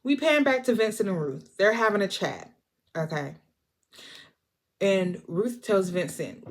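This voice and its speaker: Woman, movie reviewer, casual recap vlog, animated storytelling, mid pitch. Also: measured pace, pauses often. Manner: animated storyteller, acts out the characters.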